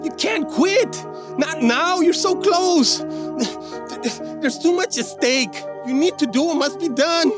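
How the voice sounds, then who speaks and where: A man putting on an intense mentor urging someone not to quit, in a high voice. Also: slow, over music. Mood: urgent.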